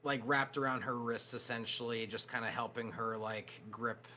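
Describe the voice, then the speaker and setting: A man taking part in a tabletop game, talking in a hesitant way with many fillers. His voice is bright and forceful. A faint hiss sits under it. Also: mid-range voice, fairly even intonation, normal speed. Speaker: player. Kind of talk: casual tabletop play.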